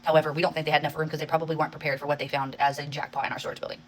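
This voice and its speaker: Fast-talking woman, exasperated storytime. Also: deep voice, flat delivery, a little hiss or hum, low-quality recording. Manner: rapid, profanity-laced, exasperated retelling. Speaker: social media creator. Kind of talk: casual storytime vlog.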